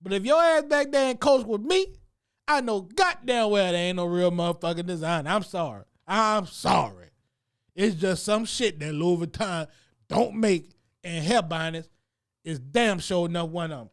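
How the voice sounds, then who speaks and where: A man, a comedy show host, delivering a profane, animated comic rant about what he has seen around town. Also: sits high, normal speed.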